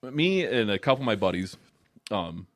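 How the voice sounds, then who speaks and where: Man, low voice, dry sound, halting and laughing storyteller. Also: sing-song, no echo. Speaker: podcast guest. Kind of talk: casual chat.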